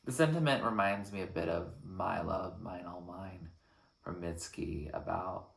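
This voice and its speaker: A man reacting to an album track by track, talking in an earnest, thoughtful way with frequent pauses between phrases. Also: low-pitched, gravelly, roomy sound. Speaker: music reaction channel host. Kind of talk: reflective album reaction commentary.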